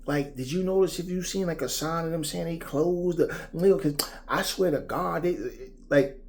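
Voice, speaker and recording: A man's voice: on the high side, normal speed, darkish tone, voice pushed up, natural voice. A man doing a flustered, rambling young woman. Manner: rambling, filler-heavy, hesitant. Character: chatty nervous young woman making small talk.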